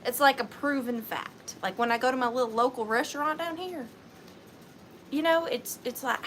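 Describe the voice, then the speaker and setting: A woman's voice: high voice, normal speed, fairly bright tone, a little hiss or hum. A woman with a Southern US accent hosting a livestream, chatting sweetly with viewers and greeting them by name. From Georgia, US. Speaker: livestream host.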